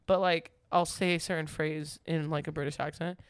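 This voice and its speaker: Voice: mid-range voice, level tone, moderate pace, clear, resonant tone, no room sound, clean studio sound. A podcast co-host in casual chat, teasing and laughing a lot.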